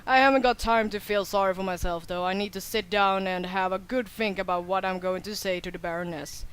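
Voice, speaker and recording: A woman's voice: mid-range voice, steady tone, fairly quick, a bit bright, clean tone, close to an everyday voice. A woman reading game dialogue aloud, voicing a remorseful young man who blames himself for a lost horse. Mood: regretful. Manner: sheepish, self-blaming.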